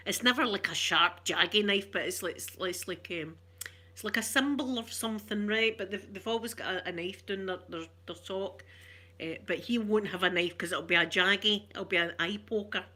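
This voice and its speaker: Glasgow lady chatting softly on an asmr stream, rambly, bright and clear. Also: medium pitch, moderate pace. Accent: Glaswegian Scottish. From Glasgow, Scotland. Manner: soft-spoken, rambling, warm chatter with viewers. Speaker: ASMR livestream host.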